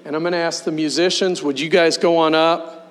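A man pastor delivering a sermon, leading the congregation in slow, emphatic call-and-response. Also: fairly high pitch, level tone. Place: church sanctuary. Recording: long hall reverb with mains hum.

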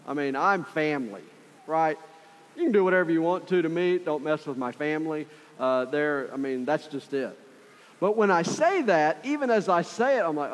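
A man preaching a sermon in a conversational, storytelling way. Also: fairly high pitch. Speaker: pastor. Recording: long hall reverb.

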